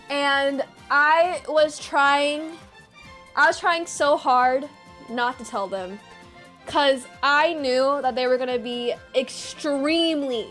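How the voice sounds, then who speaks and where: A woman's voice: high-pitched, fairly bright tone. A young woman in her twenties, a streamer, telling a story to her chat in a rambling way, often repeating herself.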